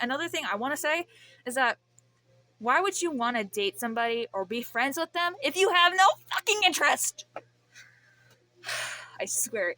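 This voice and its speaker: A woman's voice: sits high, bright, forceful tone. A young woman venting to camera in a rambling, emotional way, swearing often. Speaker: vlogger. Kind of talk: emotional vent.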